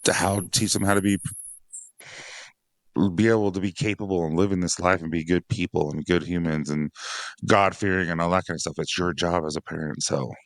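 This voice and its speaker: A man's voice: sits low, fairly even intonation, fairly quick, no room sound, clean studio sound. A man who is a father of six, talking casually on a dads podcast, rambling and laughing often. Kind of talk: casual conversation.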